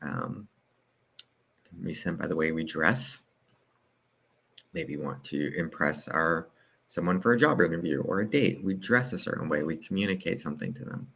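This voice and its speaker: A man's voice: deep voice, normal speed, gravelly, long pauses, a bit bright, breathy edge, dull audio. A man lecturing over slides in a casual way, asking rhetorical questions and often adding "right?" to check in.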